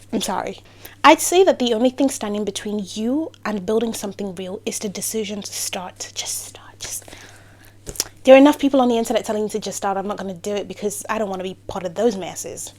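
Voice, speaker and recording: A woman's voice: medium pitch, dark tone. A woman giving a motivational talk to camera, playful and sarcastic, breaking off into rambling asides. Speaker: vlogger.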